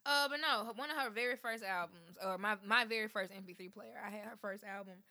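A woman hosting a podcast in casual, profane chat, telling stories in a lively way and laughing. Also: medium pitch, fairly quick. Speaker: podcast host.

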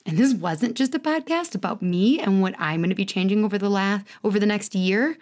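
A woman in her thirties hosting her own podcast, talking alone in a candid, self-mocking way, often jumping up in pitch. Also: brisk, a little mellow. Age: 30s. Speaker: podcast host. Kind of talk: casual solo podcast monologue.

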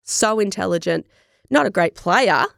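Aussie woman, very gravelly fry in her voice, candid chatty guest, dead dry close mic. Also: medium pitch, moderate pace, no room sound. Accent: Australian. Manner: candid, animated, acts out remembered dialogue. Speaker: interview guest. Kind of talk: conversational storytelling.

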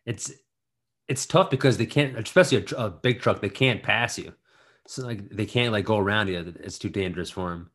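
A man with a somewhat low voice, chatting casually as a podcast co-host. He jokes and chimes in with quick remarks before settling into longer stories. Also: fairly bright tone. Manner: joking, quick interjections. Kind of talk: casual chat.

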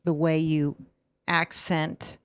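A woman's voice: low voice, little pitch movement, slow, clear, resonant tone, dry recording. A woman producer with a blended Michigan and Californian accent, chatting hesitantly on a podcast. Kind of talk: casual chat.

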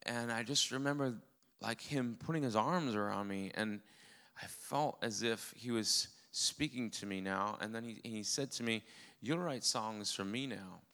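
A man's voice: lowish voice, measured pace, sharp tone, clear, resonant tone. Earnest man telling his testimony. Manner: earnest storytelling with self-deprecating humor. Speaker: preacher. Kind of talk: testimony sermon.

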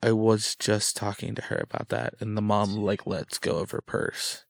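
A man telling a lively story in casual chat, acting out the quotes as he goes. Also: lowish voice, normal speed, gravelly, no echo. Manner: animated, acts out quotes in his story. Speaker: guest.

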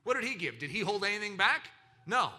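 Man, pastor preaching a sermon, high voice, very animated pitch, dramatic loud and soft swings. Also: a little fast. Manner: animated preaching with acted laughter and quoted voices.

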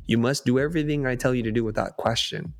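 Brief: stern elderly master, terse commands, low-key delivery, as a man retelling a film puts him on. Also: fast, natural voice. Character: stern old male martial arts master.

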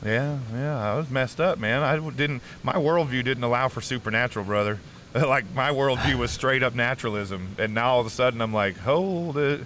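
A man's voice: mid-range voice, fairly quick, a bit bright, slight background noise. A middle-aged man, an interview guest, telling his personal testimony earnestly and emotionally, restarting often and saying "man" a lot.

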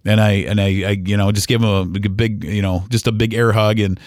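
A man in his forties, a podcast host telling a personal story in an earnest, halting way with many fillers and restarts. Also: lowish voice, little pitch movement, no echo, clean studio sound. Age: 40s.

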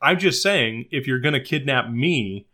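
Bright-voiced joking man. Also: mid-range voice, lively intonation, a little slow. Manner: wry, joking commentary with mock outrage. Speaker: podcast co-host. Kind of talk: casual chat.

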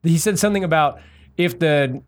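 High-voiced, jokey male co-host. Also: moderate pace. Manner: jokey storyteller, laughs often, slips into mocking voices. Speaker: podcast co-host. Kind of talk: casual comedic banter.

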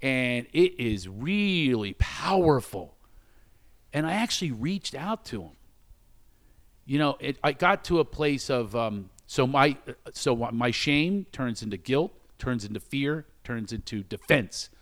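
A middle-aged man telling a candid personal story about shame and recovery, acting out the quoted lines with sudden high exclamations. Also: expressive, measured pace, a bit bright. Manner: self-reflective, speaks openly about recovery and shame.

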